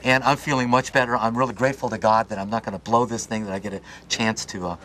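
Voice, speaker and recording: Fast-talking man telling a lively story. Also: medium pitch. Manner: lively, acts out quoted dialogue. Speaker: actor interviewee. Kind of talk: anecdotal storytelling.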